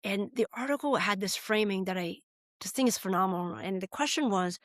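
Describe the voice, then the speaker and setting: A woman's voice: mid-range voice, brisk, no room sound, clean studio sound. Earnest American woman telling a story. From United States. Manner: earnest, heartfelt, gets choked up. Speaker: guest, political candidate. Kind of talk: personal storytelling in a podcast interview.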